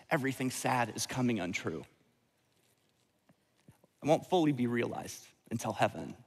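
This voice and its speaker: A man's voice: mid-range voice, big-room sound. A man preaching a sermon as pastor, earnest and repeating words as he restarts phrases. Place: large church sanctuary.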